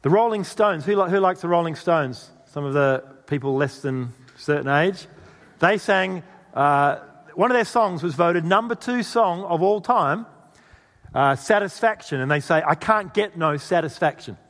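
A man's voice: fairly high pitch, animated, normal speed, a bit bright. A man preaching a sermon, telling a story and asking the audience questions. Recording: long reverb in a hall.

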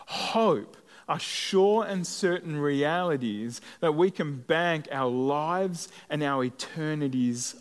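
A man preaching a sermon as a pastor, earnest and measured, with deliberate pauses. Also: medium pitch. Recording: long hall reverb.

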